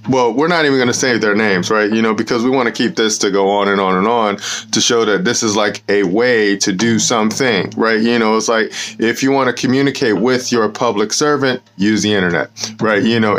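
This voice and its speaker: A man's voice: fairly low pitch, steady tone, a little fast, fairly bright tone. A man hosting his own show, talking casually to camera outdoors in the cold, rambling and peppering nearly every sentence with "right?" and "you know.". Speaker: show host.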